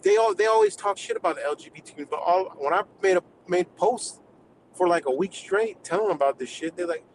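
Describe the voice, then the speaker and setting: A man's voice: high voice, quick pace, slight background noise, low-quality recording. A man from the United States on a live stream, delivering a heated, profane, rambling rant.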